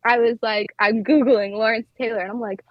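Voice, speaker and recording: A woman's voice: on the high side, fairly even intonation, a little fast, dry recording. Young woman flight attendant telling a work story, says like a lot, dry kinda muffled sound. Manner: chatty, heavy use of "like". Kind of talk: casual podcast storytelling.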